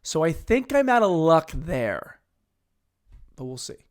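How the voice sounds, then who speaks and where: Rambling comedian talking to himself. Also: male voice, fairly high pitch, sing-song, slow pace. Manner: rambling, self-mocking, crude jokes; swings from mumbled asides to loud bursts. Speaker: podcast host. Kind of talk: solo comedy monologue.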